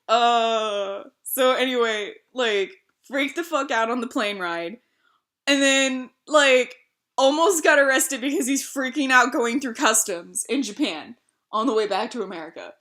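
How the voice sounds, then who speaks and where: Young female streamer, high-pitched, animated cursing raconteur. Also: unhurried. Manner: animated storytelling, swears freely, laughs often. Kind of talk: casual chat.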